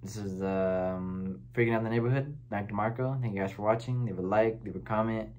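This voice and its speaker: Man host, lowish voice, easygoing and rambling, chatty reaction-video delivery. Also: fairly quick, darkish tone. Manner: laid-back, rambling, filler-heavy. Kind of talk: casual music reaction chat.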